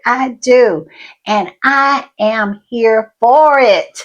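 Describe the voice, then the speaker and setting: A woman hosting a fan commentary channel, gushing excitedly and repeating herself, often calling her viewers y'all. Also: on the high side, very slow, lo-fi sound.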